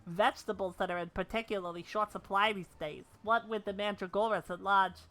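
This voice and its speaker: A woman voicing a nervous, worried male cook's assistant in a video game, speaking lower and softer than her own voice. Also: steady tone, fairly quick, lightly acted. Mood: fretful.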